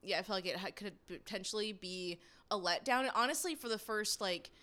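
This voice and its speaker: Bright, enthusiastic woman chatting films. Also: medium pitch, brisk. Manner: enthusiastic, laughs often, playful. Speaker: film podcast co-host. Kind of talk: casual chat.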